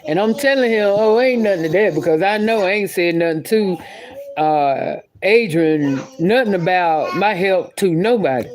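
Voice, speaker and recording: A woman's voice: lowish voice, animated, unhurried. Chatty woman vlogger telling a story. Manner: rambling, restarts sentences often. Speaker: YouTube commentator. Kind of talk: casual storytelling vlog.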